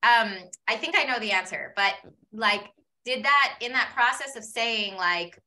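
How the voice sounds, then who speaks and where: A woman's voice: fairly high pitch, moderate pace, hardly any pauses, pushed and bright. A woman hosting a casual conversation, asking curious, probing questions full of "like". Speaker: host. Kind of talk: casual interview chat.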